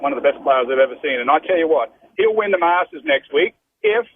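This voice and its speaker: An Australian pro golfer in his fifties, telling golf stories as a guest on a radio interview, animated and saying "mate" often. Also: on the high side, fast talker, gravelly, slightly rough, no echo. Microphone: telephone. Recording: phone line with faint noise.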